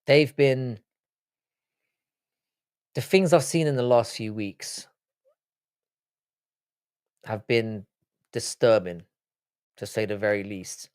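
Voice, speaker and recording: A man's voice: fairly low pitch, slow pace, long pauses, darkish tone, smooth. A man in his thirties hosts a casual live stream, worn out and chatty. He swears freely and rambles, often restarting his sentences. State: tired. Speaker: livestream host.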